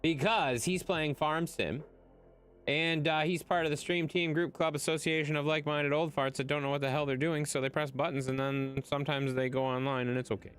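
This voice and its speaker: A man's voice: a little high, fairly even intonation, fairly quick, fairly bright tone, clear, resonant tone, soft background music. A man chatting casually to his viewers during a livestream, rambling and swearing freely. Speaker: game streamer.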